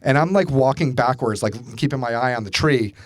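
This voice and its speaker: Man, casual podcast co-host, mid-pitch, animated storyteller who swears a lot, dry close-mic sound. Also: brisk, no room sound. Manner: animated storyteller, swears freely, mimics his own panic. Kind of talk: casual chat.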